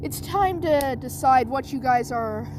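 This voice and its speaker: A woman's voice: high voice, expressive, a little slow, noisy background. A woman voicing a scolding adult male schoolteacher who lectures the class, in a casual spoken story. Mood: stern. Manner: stern, lecturing.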